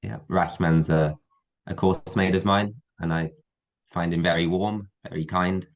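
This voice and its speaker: A young man in his twenties with an English accent, chatting easily on a video call, relaxed and hesitant with fillers. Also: low voice, measured pace, lo-fi sound. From England. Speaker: guest, university student. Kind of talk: casual video call chat.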